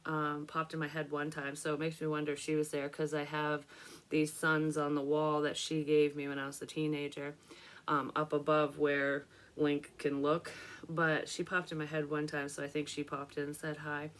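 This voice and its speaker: A woman's voice: sits low, completely flat delivery, moderate pace. A young woman, a psychic medium, chatting casually and emotionally about a card reading in a rambling way.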